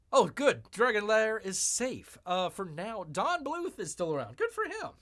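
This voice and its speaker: Animated, bright-voiced male streamer. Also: sits high, a little slow, hardly any pauses. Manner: sarcastic, animated, mock-exasperated reactions. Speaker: streamer host. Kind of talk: live-stream commentary.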